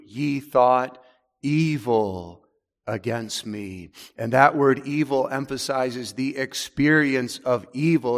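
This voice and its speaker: A man preaching a sermon as pastor, emphatic, dropping low and slow on key words. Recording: long hall reverb.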